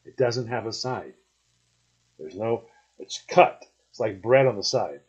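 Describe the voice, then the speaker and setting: A man's voice: fairly low pitch, expressive, unhurried, darkish tone, slightly rough, highs cut off. A man from Maine telling a funny story in casual chat, rambling, repeating himself and laughing as he goes.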